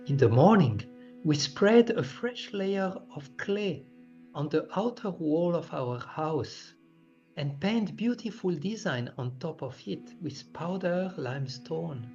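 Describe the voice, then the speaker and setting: A man reading aloud gives the long complaint of exasperated village women in his own steady voice. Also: on the high side, slow pace. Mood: complaining. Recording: dull lo-fi recording with faint music.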